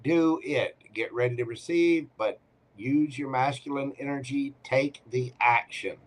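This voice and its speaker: A man's voice: mid-range voice, unhurried. A man hosting a live tarot Q&A, giving readings in a playful, teasing way with short punchy commands.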